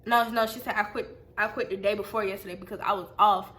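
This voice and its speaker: A woman telling a profane, animated storytime to her camera in a casual vlog. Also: medium pitch, quick pace. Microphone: phone or webcam.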